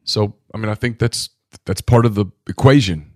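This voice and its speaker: A man's voice: fairly low pitch, normal speed, dry recording, clean studio sound. A man co-hosting a sports podcast in casual chat, musing and thinking aloud with many restarts.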